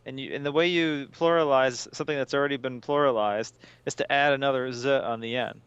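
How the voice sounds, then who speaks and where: A relaxed, chatty man co-hosting a podcast. His voice is smooth and resonant, with a dry, close, slightly dull sound. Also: medium pitch, brisk, no echo. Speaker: podcast co-host. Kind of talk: casual chat.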